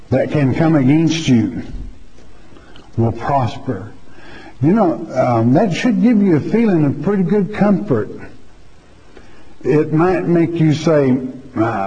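Man, preacher teaching scripture; unhurried, mellow, folksy and conversational; roomy lo-fi hall sound. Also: a little high, animated, slightly rough. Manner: folksy, chatty, often asks "okay?". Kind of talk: sermon, verse-by-verse Bible teaching.

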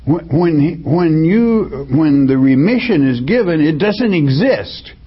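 A man preaching a Bible study, reading verses slowly and then explaining them in plain words. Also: fairly high pitch, expressive, slightly rough. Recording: dull lo-fi recording.

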